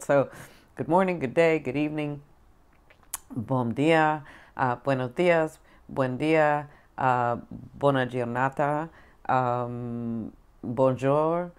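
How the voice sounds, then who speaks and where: Very low-voiced effusive woman tarot reader. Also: normal speed, clear, resonant tone. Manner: effusive, repeats herself, many fillers. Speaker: spiritual advisor and tarot reader. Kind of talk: casual tarot chat to camera.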